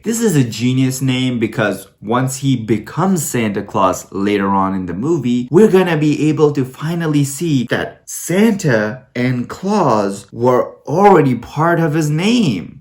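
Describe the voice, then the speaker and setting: A man's voice: medium pitch, a little mellow. Sarcastic man reviewing a movie. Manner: sarcastic, mock-enthusiastic.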